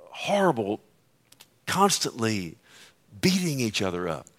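A male pastor preaching a sermon in church, moving between hushed, near-whispered passages and loud, impassioned outbursts. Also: medium pitch. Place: church sanctuary.

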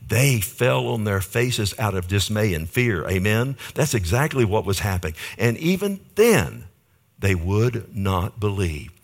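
A man preaching a sermon, telling stories vividly and calling out for amens, with sudden swings between loud and soft. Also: on the low side, big pitch swings, a little slow, creaky. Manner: emphatic preaching, asking the congregation "Amen?". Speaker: pastor.

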